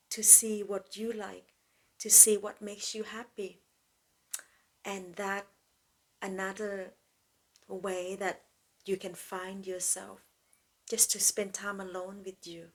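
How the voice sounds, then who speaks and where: Slow, gentle woman speaking softly. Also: medium pitch. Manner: gentle, slow, soothing, non-native grammar. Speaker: podcast host. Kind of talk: spiritual self-help talk.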